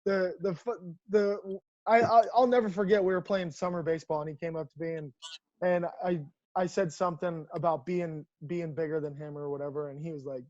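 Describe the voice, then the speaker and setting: A man, a professional baseball coach, telling stories in a casual, animated way over a video call. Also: on the high side, a little fast, muffled recording. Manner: animated, lots of restarts and laughs. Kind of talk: casual storytelling.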